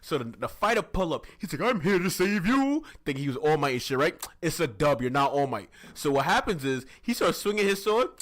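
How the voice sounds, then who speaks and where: A man's voice: a little high, animated, fairly quick, hardly any pauses, fairly bright tone. A man co-hosting a podcast, casually recapping an anime episode and acting out scenes with silly voices. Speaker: podcast co-host.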